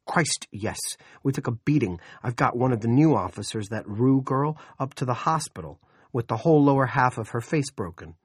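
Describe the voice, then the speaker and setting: A man voicing a frazzled middle-aged male police chief who talks out of breath, rapid and worried. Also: medium pitch, animated, breathy edge, no room sound, clean studio sound, voice pushed up. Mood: harried.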